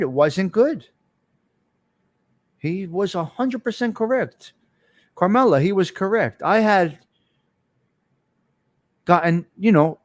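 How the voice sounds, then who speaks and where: A middle-aged man tells rambling stories on his live stream, repeating himself, cursing casually and calling out to viewers by name. His voice sits a little high for a man. The sound is dry and close, with no room around it. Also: dry recording. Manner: rambling, repetitive, profane storyteller talking to viewers by name.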